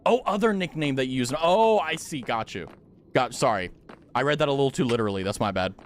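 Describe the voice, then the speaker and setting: A man's voice: mid-range voice, animated, fairly quick, slight background noise. A young man streaming a game, chatting casually and playfully with his viewers. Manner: playful, chatty, talks to chat. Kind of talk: casual gaming commentary.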